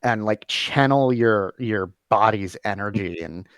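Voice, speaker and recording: A man's voice: fairly low pitch, fairly bright tone, no room sound. Casual male game master, dry close sound. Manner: casual, halting, many fillers. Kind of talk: narrating a tabletop game.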